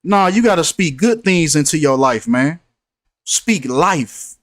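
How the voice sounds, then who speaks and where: Man, casual commentary host, preachy, repeats points, higher-pitched voice, dry close sound. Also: lively intonation, measured pace, a bit bright, no echo. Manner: preachy, repeats himself for emphasis.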